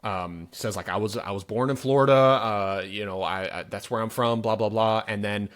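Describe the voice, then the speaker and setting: A man's voice: on the low side, normal speed, fairly bright tone. A man co-hosting a podcast, casually recapping a movie scene with blunt, profane emphasis. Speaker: podcast co-host. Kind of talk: casual film review chat.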